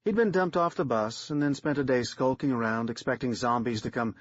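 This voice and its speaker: A man's voice: mid-range voice, brisk, no room sound, lo-fi sound. A man reading a third-person audiobook story in a plain, matter-of-fact manner. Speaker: audiobook narrator.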